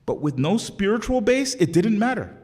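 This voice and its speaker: A man's voice: sits high, very animated, normal speed, a little mellow, husky. A man giving a religious sermon, telling stories with passion and acting out the quoted speech. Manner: impassioned storytelling, acts out quoted speech. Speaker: sheikh giving a religious lecture. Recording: long hall reverb.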